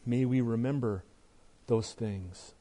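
A middle-aged male pastor preaching a sermon, emphatic, asking rhetorical questions and dropping to a soft, earnest tone. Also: mid-range voice, takes it slowly.

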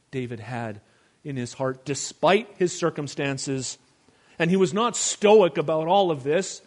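A man delivers a sermon as a pastor, his voice sitting a little high for a man. He drops to near-quiet on tender lines and rises with force on pointed ones. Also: normal speed. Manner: preaching with swings between hushed and emphatic delivery.

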